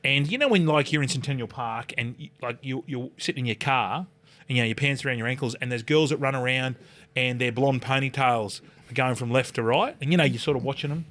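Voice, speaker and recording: An older Australian man spins a rowdy anecdote at a quick clip, swearing freely as he goes. He drops into the other people's voices to act out the scene, and keeps the story rolling. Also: medium pitch, a bit bright. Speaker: podcast guest. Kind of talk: animated storytelling.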